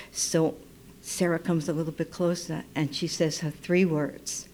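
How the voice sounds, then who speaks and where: A woman who works as a midwife, telling a personal story live in an unhurried, intimate way and dropping to a soft hush when she quotes herself. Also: low voice, level tone. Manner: unhurried, intimate, drops to soft near-whispers when quoting. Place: radio station studio. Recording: live radio broadcast, faint noise.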